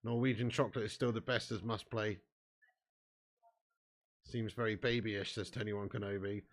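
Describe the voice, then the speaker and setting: A young man hosting a live football watch-along, bantering with his chat and swearing freely, getting loud when a chance comes. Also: fairly low pitch, steady tone, normal speed.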